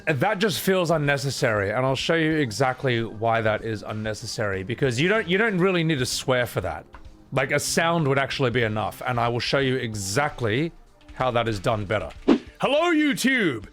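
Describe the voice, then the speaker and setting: A man casually commenting on a video game as a YouTuber, animated and jokey. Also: medium pitch. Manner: animated, jokey, breaks into silly voices.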